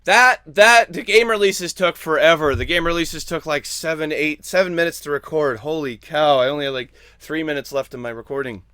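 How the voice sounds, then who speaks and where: A man's voice: fairly high pitch, a little fast, hardly any pauses, sharp tone, clear, resonant tone, no echo, studio quality. A man from the United States hosting a gaming news show, moving from a scripted read into rambling, self-deprecating casual chat.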